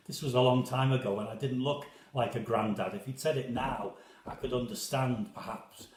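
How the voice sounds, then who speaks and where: A man's voice: mid-range voice, fairly even intonation, unhurried. A man who is a parish priest, talking in a chatty, rambling, self-deprecating way with a refined Liverpool accent and many restarts. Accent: soft Liverpool. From England. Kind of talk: casual chat to viewers. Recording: roomy echo.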